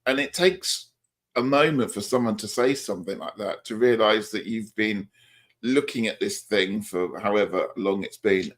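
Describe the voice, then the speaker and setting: A man's voice: on the low side, moderate pace, fairly bright tone. A man co-hosting a live tarot show, talking with enthusiasm about the stories in the cards. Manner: enthusiastic, storytelling. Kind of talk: casual chat on a live stream.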